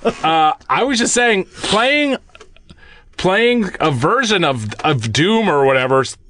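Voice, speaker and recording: A man's voice: high voice, slow, noisy background. A man co-hosting a casual podcast chat, joking and stumbling over his words. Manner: animated, joking, stumbles and laughs. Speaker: podcast co-host.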